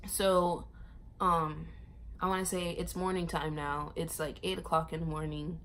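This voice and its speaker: A young woman vlogger telling a long personal story in a casual, animated way, acting out other people's lines in a raised voice. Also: low-pitched, measured pace, a little hiss or hum. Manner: animated, acts out the nurses' and her own lines in raised voices, laughs often.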